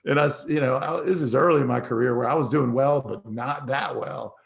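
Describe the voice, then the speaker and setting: A middle-aged man hosts a motivational talk, telling a personal story in a loose, conversational way. He breaks off and restarts often, and acts out the dialogue with energy. His voice sits at an ordinary middle pitch. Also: brisk, vocal fry, hardly any pauses. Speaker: host.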